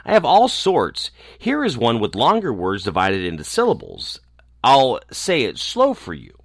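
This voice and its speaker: Man voicing a boastful young gnome, eager, chattering, lively up-and-down voice, storybook. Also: mid-range voice, unhurried, no room sound, clean studio sound, full character voice.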